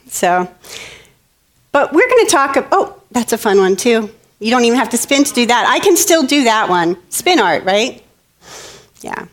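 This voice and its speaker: A woman giving a talk, telling a childhood story in an animated way and acting out the children's voices. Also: on the high side. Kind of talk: storytelling presentation.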